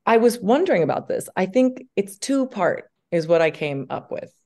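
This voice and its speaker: A woman's voice: medium pitch, sing-song, normal speed, dark tone. A woman in her thirties, an actress chatting animatedly as a guest in an interview, full of fillers. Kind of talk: casual interview chat.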